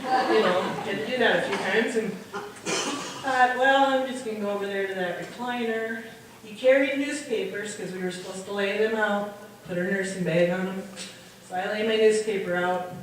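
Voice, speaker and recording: Animated Midwestern woman in an echoey hall. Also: medium pitch, normal speed. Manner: animated, acts out voices of people in her stories. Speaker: nurse telling comic stories. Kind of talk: stand-up comedy storytelling. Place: party hall, heard from far off. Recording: distant echoey hall recording with noise.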